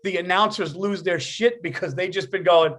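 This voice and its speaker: A man co-hosting a podcast, talking in an excitable, profane way and laughing mid-sentence. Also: high voice, normal speed. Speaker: podcast co-host. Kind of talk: casual chat.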